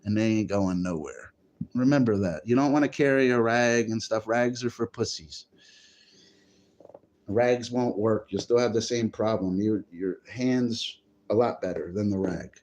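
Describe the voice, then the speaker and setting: A man's voice: on the low side, a little slow, a little mellow. A man chatting casually on a livestream, rambling and swearing freely. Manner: profane, rambling, easily frustrated. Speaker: live streamer.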